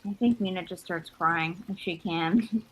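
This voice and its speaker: A young woman playing a tabletop game, animated and rambling, with frequent swearing. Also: on the low side, unhurried, slight background noise. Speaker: player. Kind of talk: tabletop role-play.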